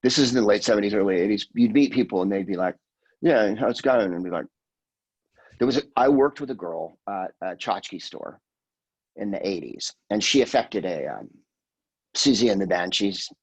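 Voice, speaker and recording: A husky man in his sixties, talking as a podcast guest in a fairly low voice. He rambles through profane stories and drops into quick impressions of the people he quotes. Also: expressive, low-quality recording. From California, USA. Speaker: guest comedian. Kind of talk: casual podcast chat.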